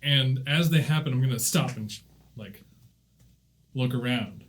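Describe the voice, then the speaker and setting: A man's voice: mid-range voice, a little slow, long pauses. A man playing a tabletop game, hesitant and often laughing. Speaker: player. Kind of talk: casual tabletop play.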